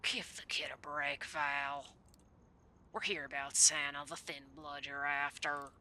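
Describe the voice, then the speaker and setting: A woman voicing a grizzled, sardonic male vampire in a game, with a low, muttered gruff drawl. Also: steady tone, unhurried, bright, forceful tone, a little hiss or hum, heavily acted.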